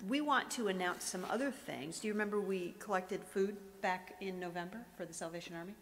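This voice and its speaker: A woman's voice: mid-range voice, fairly quick, fairly bright tone. A middle-aged woman hosting morning school announcements in an upbeat, chatty, encouraging way. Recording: reverberant room with faint noise.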